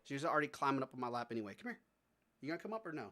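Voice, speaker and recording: A man's voice: medium pitch, very animated, rapid-fire, pushed and bright. A man streaming live, chatting casually with his viewers, laughing often and talking to his dog between stories.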